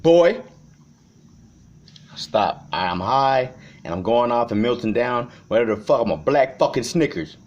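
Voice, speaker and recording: A man from Chicago talking to the camera in an unscripted vlog. He rambles and swears, swinging between shouting and quiet reflection. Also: medium pitch, lively intonation, normal speed. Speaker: vlogger. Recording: dull lo-fi recording.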